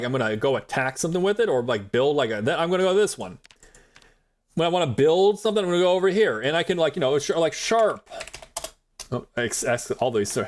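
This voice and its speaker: A young man chatting rambly to his viewers while playing a game live, talking into a desk mic. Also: a little high. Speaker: streamer. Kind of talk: live gameplay commentary.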